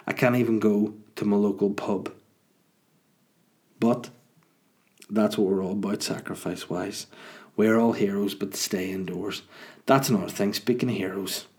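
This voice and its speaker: Mellow-voiced man ranting casually. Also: fairly low pitch, normal speed. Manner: chatty, ranting, swears freely. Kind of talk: casual rambling monologue.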